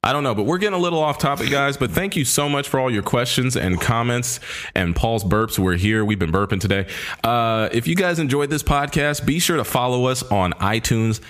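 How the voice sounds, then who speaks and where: A man co-hosting a casual podcast, bantering about video games and films. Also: medium pitch. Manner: animated, quick banter with laughs. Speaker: podcast co-host. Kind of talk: casual chat.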